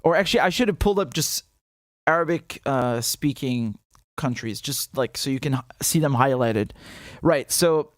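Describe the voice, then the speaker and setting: A man's voice: medium pitch, normal speed, dry recording, studio quality. A man hosting a casual livestream, talking loosely, laughing often and breaking into Arabic phrases. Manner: chatty, laughs often, mixes Arabic and English. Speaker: show host.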